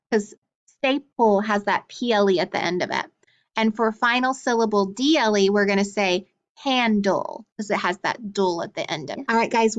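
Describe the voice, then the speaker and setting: A woman teaching phonics to young students, patiently sounding out words slowly and clearly. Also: medium pitch, a bit bright. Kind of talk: recorded lesson for young students.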